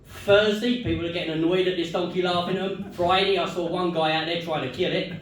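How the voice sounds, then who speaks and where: Stand-up comic in an echoey club. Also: male voice, high-pitched, a little fast. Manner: deadpan storytelling, laughing at own punchlines. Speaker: stand-up comedian. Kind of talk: stand-up set with crowd work. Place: comedy club stage. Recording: echoey club room, mic far off.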